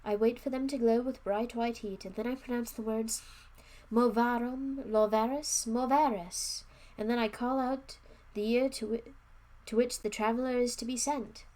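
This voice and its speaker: A woman voicing a sorrowful, apologetic old male wizard who speaks in a mournful, halting way. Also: on the high side, fairly even intonation, warm tone, voice pushed up, natural voice.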